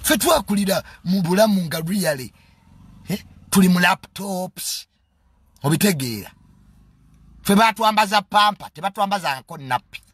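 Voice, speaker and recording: A man's voice: sits high, moderate pace, a bit bright, breathy edge, dry recording. A man with a Ugandan accent giving a casual, comedic monologue in a mocking, boastful tone and mixing English phrases into his talk.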